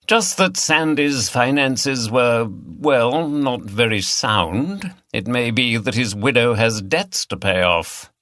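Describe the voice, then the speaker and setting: A man's voice: medium pitch, expressive, slow, few pauses, bright, forceful tone, no room sound, studio quality, pitched above the performer's own voice. A man reading the part of a smug, cold middle-aged businessman who talks in a sly, insinuating way. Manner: sly, insinuating, self-satisfied.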